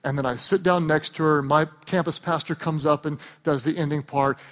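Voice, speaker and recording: Male pastor, high voice, lively and funny sermon delivery with shouted emphasis. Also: a little fast. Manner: animated and humorous, swells to shouts on key points.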